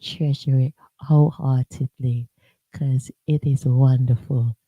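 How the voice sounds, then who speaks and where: A woman's voice: extremely low pitch, fairly even intonation, takes it slowly, dark tone, husky, dry recording, highs cut off. A woman hosting a radio show, chatting casually in a playful, giggly way.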